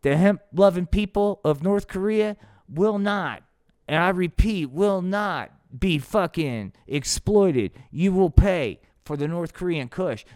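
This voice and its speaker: A man voicing a menacing male dictator puppet who makes slow, grand threats. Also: high-pitched, expressive, darkish tone, smooth, dry recording, studio quality.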